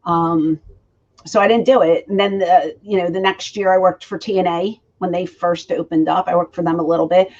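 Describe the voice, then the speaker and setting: Speaking at normal speed with a fairly low pitch, a woman in her forties recounts stories as a shoot interview guest. She brings them to life by acting out quoted dialogue, though the recording sounds dull and lo-fi.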